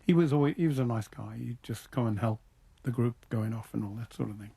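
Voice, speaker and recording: A man's voice: medium pitch, fairly quick, gravelly, mellow, slightly rough. An older man from Liverpool with a Liverpool accent, thinking back as an interview guest with frequent restarts. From Liverpool, England. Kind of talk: radio interview.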